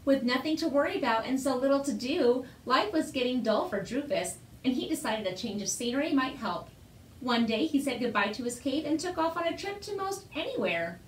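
A woman reading a children's picture book aloud with lively, expressive narration. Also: high voice, brisk, a little hiss or hum. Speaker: storyteller. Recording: roomy echo.

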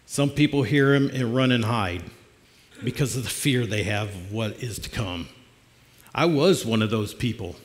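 A middle-aged lay preacher with a lowish, animated voice speaks at normal speed, filling the pulpit with a personal testimony sermon. He tells it plainly and conversationally, like a story, in a church sanctuary with long reverb.

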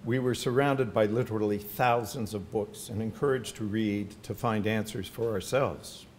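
A man's voice: lowish voice, fairly even intonation, moderate pace, a little hiss or hum. Older man telling family anecdotes. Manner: warm anecdotal storytelling with asides. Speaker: featured speaker at a symposium. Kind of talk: personal talk to an audience. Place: university hall with audience. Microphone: podium microphone.

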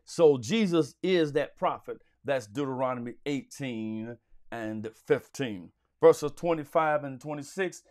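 A man teaching a Sunday school Bible lesson in a preacherly, emphatic way, repeating phrases for stress. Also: fairly high pitch.

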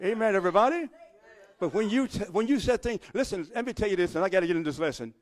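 High-pitched shouting preacher man. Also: expressive, fast. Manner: call-and-response preaching, rising to shouts. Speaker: pastor. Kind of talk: sermon. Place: church pulpit.

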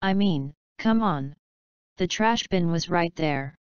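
A woman's voice: lowish voice, expressive, slow, smooth, no echo, dull audio. A woman reading the part of a bitter ex-wife venting bluntly and scornfully at a funeral.

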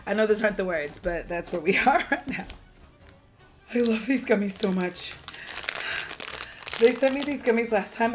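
A woman's voice: mid-range voice, animated, moderate pace, pauses often, faint music behind. A woman chatting in a casual beauty haul vlog, gushing and playful with lots of asides. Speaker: beauty vlogger. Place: at home.

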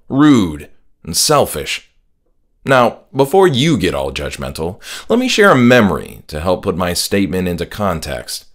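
Lowish, lively male storyteller. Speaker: author reading his own story. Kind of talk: scripted horror story narration.

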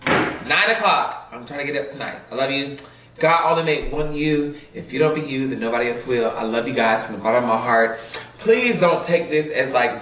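A man delivering a heated, profane rant to camera, swinging to low mutters. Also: a bit bright. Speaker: vlogger in clip. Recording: echoey room, distant mic.

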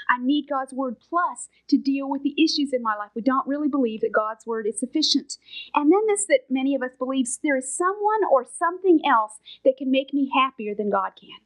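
A middle-aged woman with a high voice preaches in a sermon style, earnest and emphatic. She presses her points firmly and now and then drops into a soft whisper to stress them. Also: low-quality recording. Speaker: Bible teacher.

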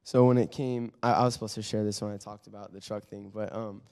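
A man's voice: on the low side, fast talker, clean tone, in a large hall. A young man giving a casual faith testimony to his team, telling a story animatedly with many fillers and restarts. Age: young adult. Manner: animated storytelling, acts out quoted voices, frequent fillers and restarts. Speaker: student speaker at a team devotional. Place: church meeting room.

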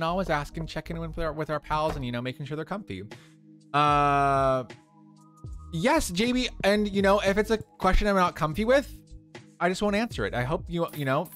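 A young man in drag live-streams a farming game, chatting casually with his viewers and answering their questions with plenty of filler words. His voice is on the high side and a bit bright.

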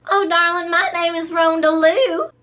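A woman's voice: very high-pitched, fairly even intonation, measured pace, bright, forceful tone, distant mic, voice pushed up, heavily acted. Rhonda Lou, a woman doing a gushing Southern belle. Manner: drawling, calls everyone darling.

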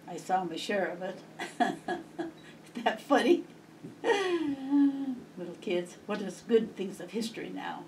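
An older woman with a Montana accent tells stories from her childhood in an oral history interview, chuckling often and acting out the voices in them. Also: mid-range voice. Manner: lively, chuckling reminiscence with acted quotes. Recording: distant mic, faint noise.

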